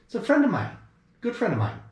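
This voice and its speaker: A man with a fairly high voice, co-hosting a local radio show, reading out listener messages and joking around. He is playful and quick to laugh. The studio sounds roomy around him. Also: wildly swooping pitch, darkish tone. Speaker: radio co-host. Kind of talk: casual radio banter.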